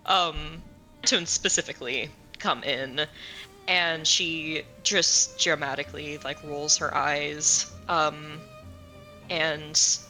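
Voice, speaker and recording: A woman takes her turn in a tabletop game, describing her character slowly and laughing now and then. Her voice is lowish and bright. Faint music sits behind her. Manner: slow, laughing between words. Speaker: player.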